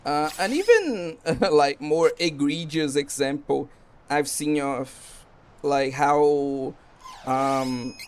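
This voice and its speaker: A man's voice: fairly high pitch, expressive, drawn-out words. Casual male streamer, rambling delivery, slight background hiss. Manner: rambling, many fillers. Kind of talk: casual commentary while gaming.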